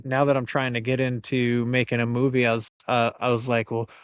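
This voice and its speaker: A man's voice: mid-range voice, flat delivery, fairly quick, clear, resonant tone, no room sound, highs cut off. A man from the United States hosting a podcast, chatting casually with laughs and the odd swear word. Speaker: podcast host.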